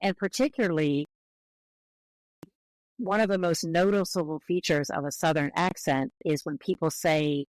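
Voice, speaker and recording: A woman's voice: deep voice, moderate pace, dry recording, poor audio. A woman guest on an interview, speaking as a linguist in a careful, explanatory way with frequent restarts.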